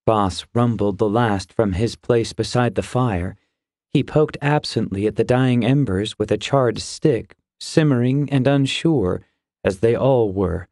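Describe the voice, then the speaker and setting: A man narrating a fantasy audiobook in a measured, steady reading. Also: mid-range voice, no room sound, clean studio sound.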